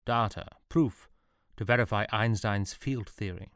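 An eccentric Prussian artillery officer, voiced by a man lectures in a brisk, deadpan tone. His voice is fairly low and recorded dry, with no room around it. He suits a storybook reading. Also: no echo. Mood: wry.

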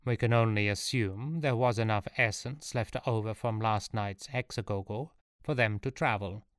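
A man's voice: lowish voice, moderate pace, dry recording, clean studio sound, close to an everyday voice. A man playing an earnest, learned inventor. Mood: explaining. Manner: earnest and explanatory.

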